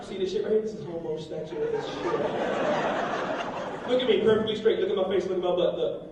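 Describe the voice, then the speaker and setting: A man's voice: sits high, fast talker, distant mic, heavy background noise. A man doing a brash, profane stand-up set on a comedy club stage, baiting the crowd. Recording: echoey live club, mic heard from afar, crowd laughter.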